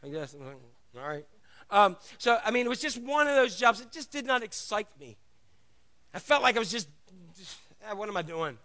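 A middle-aged pastor with a high, bright voice delivers a sermon at a fairly quick pace. He tells stories animatedly and tosses casual asides to the congregation.

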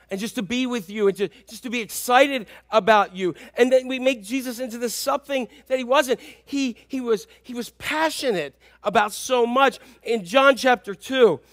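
A man preaching a sermon as pastor, telling stories with lively swings from hushed asides to shouted bursts. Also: very high voice, no room sound, studio quality.

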